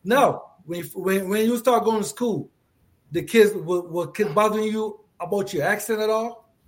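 A man's voice: high-pitched, moderate pace. A middle-aged man interviewing a young woman in a casual chat, encouraging, laughing often and repeating his words.

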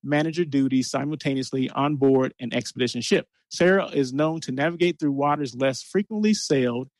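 A man's voice: medium pitch, a little fast, no echo. A man hosting an interview show, reading a guest introduction aloud with stumbles and restarts, then chatting eagerly. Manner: reads intro with stumbles, animated. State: out of breath after the intro. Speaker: host. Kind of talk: casual interview.

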